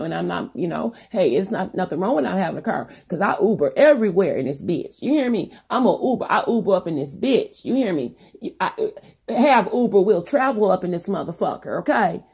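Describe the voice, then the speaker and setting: A woman's voice: mid-range voice, vocal fry, dark tone, slightly rough. A woman YouTuber talking straight to her viewers in a long, profane, rambling monologue full of restarts and asides.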